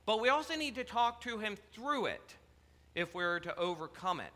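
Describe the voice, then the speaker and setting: A man's voice: high-pitched, lively intonation, normal speed, bright, forceful tone, big-room sound. A male pastor preaching a sermon, earnest and repetitive, asking the listeners question after question. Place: church sanctuary.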